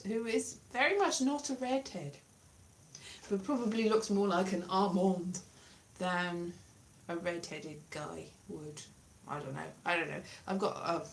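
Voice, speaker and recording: A woman's voice: mid-range voice, creaky. A woman chatting to a live audience in a rambling, self-deprecating way, wandering off topic. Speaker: livestreamer. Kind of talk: casual rambling chat.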